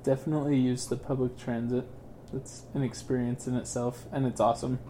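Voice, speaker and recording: A man's voice: mid-range voice, flat delivery, fairly quick, dark tone, slight background noise. A man student talking easily about his travels, with light laughs. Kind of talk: casual interview advice.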